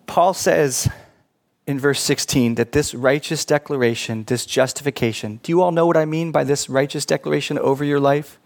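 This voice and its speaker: A man's voice: fairly high pitch, steady tone, normal speed. A middle-aged man preaches to his congregation in a slightly raised register. He is earnest and pleading, then drops into casual, conversational asides. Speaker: pastor. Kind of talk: sermon. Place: church.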